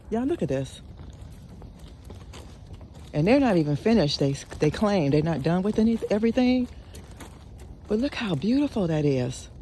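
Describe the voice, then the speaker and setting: A woman chatting excitedly to viewers while walking a park trail, filming with a handheld camera. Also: mid-range voice, slight background noise. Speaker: lifestyle vlogger. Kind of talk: casual outdoor walking vlog. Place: outdoor park trail by a pond.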